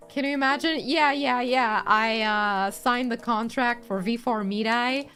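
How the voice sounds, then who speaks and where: A high, bright-voiced woman streaming to her viewers, chatting playfully. She laughs often and drops a curse here and there. Soft music plays faintly behind her. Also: measured pace, few pauses. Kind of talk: casual chat with viewers.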